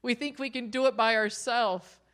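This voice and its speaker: A woman's voice: on the high side, fairly even intonation, moderate pace, a bit bright. A middle-aged woman giving a personal faith testimony in an earnest storytelling way, often breaking into a light laugh. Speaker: speaker sharing a personal testimony.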